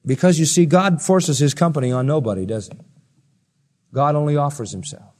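Guy preaching a sermon, kinda high voice, lively storytelling, big echoey hall. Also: fairly quick. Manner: animated storytelling, acts out voices. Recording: long reverb of a large hall.

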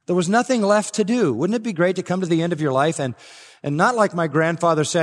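A man's voice: high voice, fast talker. Older preacher man in a reverberant hall. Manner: expository preaching, swells with emphasis. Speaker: pastor. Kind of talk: sermon. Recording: long reverb of a large hall.

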